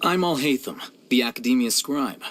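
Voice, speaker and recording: A man voicing a composed, aloof young male scholar in a game, with a calm, clipped delivery. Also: mid-range voice, normal speed, close to an everyday voice. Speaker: game character. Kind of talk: game voice line.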